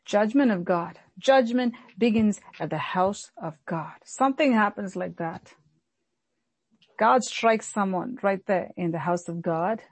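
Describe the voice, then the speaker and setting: A woman pastor delivering an earnest sermon, slowing down and repeating lines for emphasis. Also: mid-range voice, husky, dry recording. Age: adult, recalls childhood many years ago.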